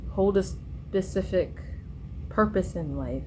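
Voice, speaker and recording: A young woman vlogger with a mid-range voice takes her time in a rambling personal vlog, drifting between stories with many fillers and restarts. Background noise is audible.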